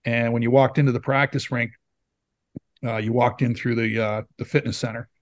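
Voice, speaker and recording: A middle-aged man, a former hockey player telling stories in a casual interview, rambling and animated with lots of fillers. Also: medium pitch, normal speed, a little hiss or hum. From Saskatchewan, Canada. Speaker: former pro hockey player, now scout. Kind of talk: casual storytelling in a podcast interview.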